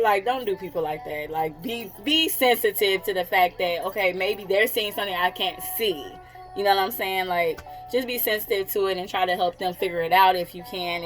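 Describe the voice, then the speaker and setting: A woman's voice: mid-range voice, low-quality recording. A woman in her thirties, a psychic coach, talking in a casual vlog, candid and blunt, swearing freely and often laughing. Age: 30s.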